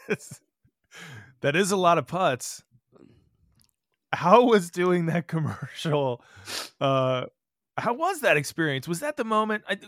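A man's voice: a little high, a bit bright, no echo, clean studio sound. A man hosting a podcast who asks his guest loose, rambling questions and laughs along. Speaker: podcast host. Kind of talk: casual interview chat.

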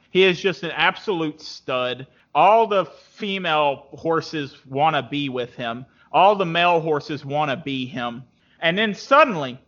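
A man telling a crude comic story in an animated, casual way, in a dull lo-fi recording. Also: on the high side.

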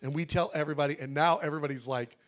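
A middle-aged man telling a testimony in a conversational sermon. He is animated, acts out the dialogue, and often restarts his sentences. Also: on the high side, rapid-fire.

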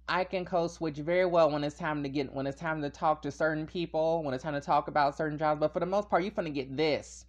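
A man's voice: a little high, fast, few pauses, muffled recording. A man hosting a podcast on his own, talking casually and animatedly, wandering into tangents and laughing often. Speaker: podcast host. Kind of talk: casual solo podcast monologue.

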